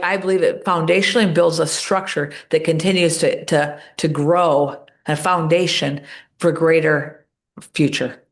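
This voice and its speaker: A woman talking as a podcast guest, telling stories with energy and acting out the voices of the people she quotes. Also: on the low side. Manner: animated storyteller, acts out quoted voices. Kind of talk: casual interview talk.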